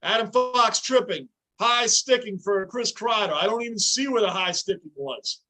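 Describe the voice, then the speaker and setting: A livestreaming man reacts to a hockey game from his basement, his high, bright voice jumping to shouts at penalties and saves. He greets chatters by name between calls. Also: moderate pace. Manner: excitable, yells at the game. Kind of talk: live game reaction with chat shout-outs. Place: home basement.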